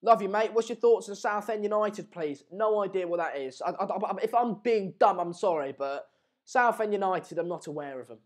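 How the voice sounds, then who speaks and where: Energetic, jokey young man. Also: high-pitched, normal speed. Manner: rambling, jokey, self-mocking. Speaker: live stream host. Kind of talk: casual live match chat commentary.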